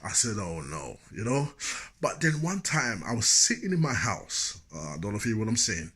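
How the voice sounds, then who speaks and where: A man's voice: medium pitch, very animated, fairly quick, fairly bright tone, husky. A man telling a personal story as a motivational speaker, chatty and full of asides.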